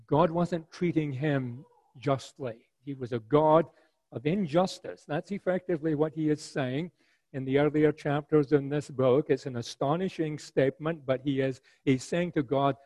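A man preaching an expository sermon, earnest and rhetorical, paraphrasing scripture in a lively voice. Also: medium pitch, normal speed, dry recording, rough recording.

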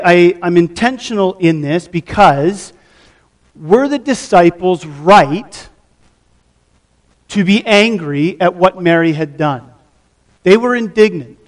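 A middle-aged pastor preaching a sermon, teaching the passage and putting questions to the congregation. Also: male voice, high-pitched. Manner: teaching, asks the audience questions.

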